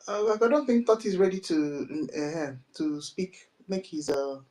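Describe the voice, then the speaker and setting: A woman speaking hesitantly with many pauses and fillers. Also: lowish voice, animated, mellow, rough recording.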